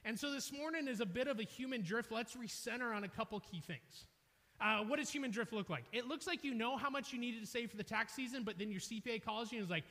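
Loud, high-voiced preacher in a hall. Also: male voice, fast talker. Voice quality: loud, energetic. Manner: animated storyteller, self-mocking humor. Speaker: pastor. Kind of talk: sermon with storytelling. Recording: reverberant hall.

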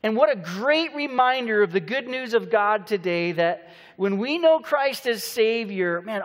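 A man preaching a sermon as a pastor, telling stories with playful banter and slowing down to stress points. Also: extremely high pitch. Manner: storytelling with playful banter, slows for emphasis. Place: church auditorium. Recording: long hall reverb.

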